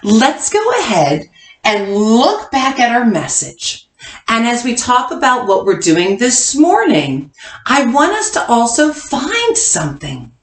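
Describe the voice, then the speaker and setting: A woman teaching a kindergarten class online, coaxing answers with slow, sing-song hints. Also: fairly high pitch, sing-song. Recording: echoey room.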